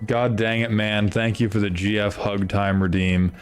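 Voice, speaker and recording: A man's voice: lowish voice, fairly even intonation, moderate pace, soft background music. A young man streaming a video game, reacting with constant frustrated swearing as he plays. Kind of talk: live gameplay commentary.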